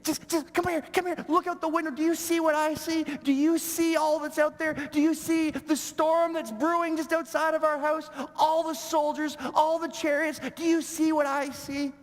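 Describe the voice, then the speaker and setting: Panicked servant boy, high and yelling, put on by a preacher mid-sermon, hall echo. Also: little pitch movement, moderate pace, few pauses. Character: panicked young male servant, frantic.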